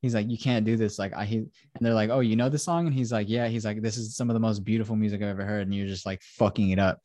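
A man's voice: fairly low pitch, little pitch movement, quick pace, warm tone, dry recording. A man hosting a podcast, casually retelling a film plot, acting out quotes and swearing freely. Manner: casual, profane, acts out quotes. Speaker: podcast host.

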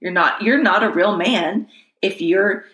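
A woman's voice: mid-range voice, unhurried. Emphatic woman host, echoey room. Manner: emphatic, frequent yeahs and loud laughs. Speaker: podcast host. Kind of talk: casual chat.

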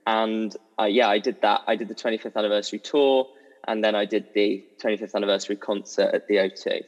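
A man's voice: fairly low pitch, quick pace. Young guy telling stage stories, lots of giggles, kinda muffled echoey sound. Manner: animated, giggly storytelling. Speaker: guest, musical theatre performer. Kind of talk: casual chat. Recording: dull audio with long reverb.

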